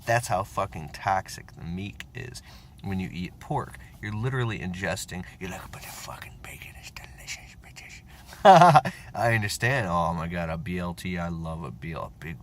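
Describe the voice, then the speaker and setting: A man in his thirties talking casually in a profane, rambling, animated monologue, with whispered asides. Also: deep voice, a little fast, slight background noise. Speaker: self-help vlogger.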